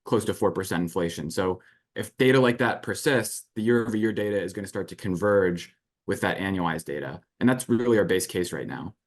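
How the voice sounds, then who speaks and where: A man's voice: low-pitched, lively intonation, brisk. A man appearing as a guest from a research firm, giving analytical, jargon-heavy answers about policy and markets.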